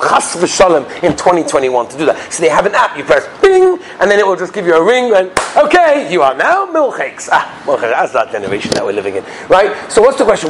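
A man teaching Jewish law as a lively lecture, full of stories and rhetorical questions. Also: a little high, slight background noise. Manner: lively storytelling, rhetorical questions, mixes Yiddish and Hebrew terms. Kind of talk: animated lecture with anecdotes.

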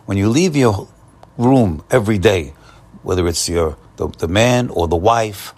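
A man's voice: on the low side, expressive, measured pace, a little mellow. A man giving an upbeat, encouraging morning Torah talk, often repeating and restarting his phrases. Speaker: Torah teacher.

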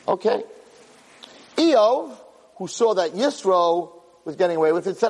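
Impassioned husky man, lively pitch. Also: a little slow, pauses often, long reverb tail, rough recording. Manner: storytelling, acts out quotes, impassioned. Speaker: rabbi giving a Torah talk. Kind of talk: animated Torah class.

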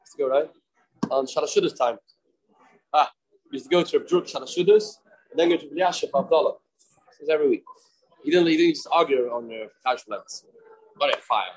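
Man, Talmud teacher, repeats phrases, story-driven lesson, somewhat high pitch. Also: slightly rough, low-quality recording. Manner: storytelling, repeats phrases, mixes in Hebrew and Yiddish terms. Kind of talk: daily Talmud class.

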